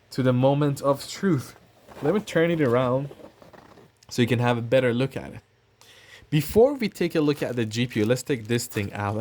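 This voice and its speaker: A man's voice: medium pitch, a little mellow, a little hiss or hum. A man casually talking through an unboxing, rambling and thinking aloud with fillers and the odd cough. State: coughing now and then. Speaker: tech channel host.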